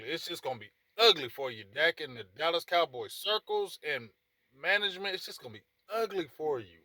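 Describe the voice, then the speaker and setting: A man hosts a sports talk show, pleading and repeating himself with emphatic passion. His voice is bright and tense, recorded dry with no room echo. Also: fairly high pitch. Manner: passionate, emphatic, repetitive, addresses people directly. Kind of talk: casual sports commentary monologue.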